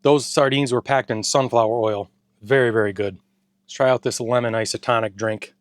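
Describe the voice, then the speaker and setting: Here a man with a steady, medium-pitched voice talks at a moderate pace. In his home garage, the food reviewer enthusiastically works through a ration pack for a casual taste-test vlog, occasionally mid-bite.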